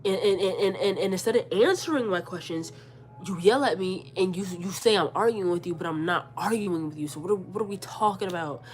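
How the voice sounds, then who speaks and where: A young woman telling a casual storytime rant, animated and incredulous, arguing her side. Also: medium pitch, brisk, faint music behind. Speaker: vlogger.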